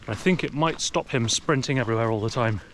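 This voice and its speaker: A man's voice: medium pitch, fast, noisy background. An English man chatting casually to an action camera outdoors in a forest, sometimes talking to his dog. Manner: chatty, talks to his dog in a raised sing-song voice. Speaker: outdoor vlogger. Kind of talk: casual walking commentary.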